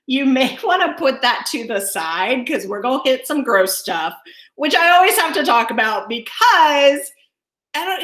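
Upbeat woman teaching about wildlife on a video call, bright highish voice, echoey room. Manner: enthusiastic, laughs often. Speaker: wildlife educator. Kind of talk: online presentation.

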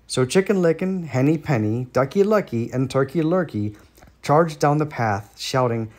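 A man's voice: medium pitch, expressive, a little slow, a little mellow. American man reading a children's story. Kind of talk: children's storybook read-aloud.

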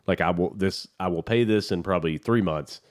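A man co-hosting a podcast, telling a story in a casual, profane, animated way. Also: low-pitched, fairly quick. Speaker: podcast co-host. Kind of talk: casual chat.

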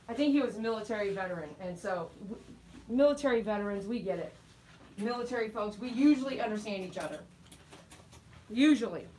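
A middle-aged woman and dog groomer chatting casually while she grooms, telling animated stories and laughing often. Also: mid-range voice, fast, distant mic, a little hiss or hum, rough recording. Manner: chatty, animated storytelling with quoted voices.

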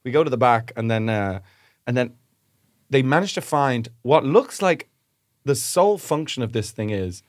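A young Irish man co-hosting a podcast tells a rambling anecdote in casual chat, laughing and acting out voices. His mid-range voice is animated, at a normal speed, and captured with dry, clean studio sound.

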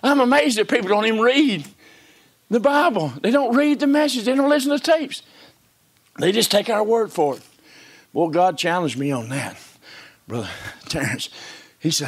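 A male preacher delivers a sermon with a high, gravelly voice that leaps around in pitch. He talks in a folksy, repetitive way, fires rhetorical questions, and swings between near-whispers and shouts. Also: very animated, moderate pace, long pauses. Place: church service.

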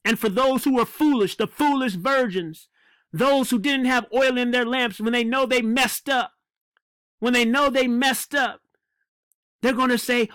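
A man preaching a fiery sermon, emphatic and repeating phrases for effect, with drawn-out dramatic stresses. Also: very high-pitched, fairly bright tone, no room sound.

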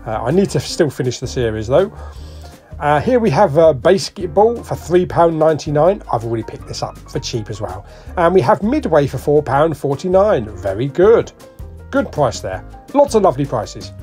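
A man's voice: a little high, normal speed, soft background music. Chatty British man listing prices. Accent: British English. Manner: chatty, jokey, lively, ticks off titles and prices. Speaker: vlogger. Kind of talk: casual shop walk-through commentary.

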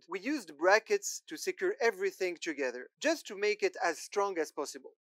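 A man co-hosting a gardening vlog, calmly walking through a build step by step. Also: high-pitched, no room sound. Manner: steady step-by-step explaining. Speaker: co-host. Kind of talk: casual DIY gardening vlog.

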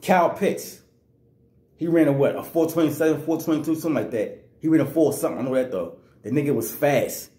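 Man, angry sports rant, raised pitch, roomy echo. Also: fairly quick, mellow. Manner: angry, repetitive, slangy. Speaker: sports vlogger.

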